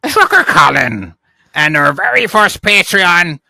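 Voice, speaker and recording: A man's voice: high-pitched, big pitch swings, bright, forceful tone, no room sound, pitched above the performer's own voice, heavily acted. A man putting on a throaty creeping creature. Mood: croaking. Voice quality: gravelly, from the throat. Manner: drawn-out, slow name reading. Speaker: podcast co-host.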